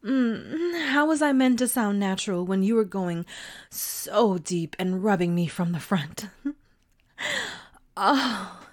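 A woman voicing a flirtatious, sneaky middle-aged mother in an erotic audio role-play, talking in a teasing, breathy way with frequent giggles. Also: mid-range voice, slow pace, lightly acted.

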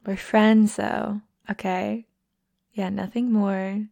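Whispered role-play: a woman playing a teasing young friend, unhurried and a little gravelly. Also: mid-range voice, level tone, dry recording, lo-fi sound. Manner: soft teasing whispers and giggles.

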